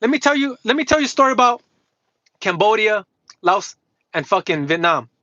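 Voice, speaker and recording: A man's voice: high-pitched, very animated, brisk, pushed and bright, no echo. A man livestreaming a heated, combative rant to his chat, swearing constantly, mocking and repeating himself. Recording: dull lo-fi livestream audio.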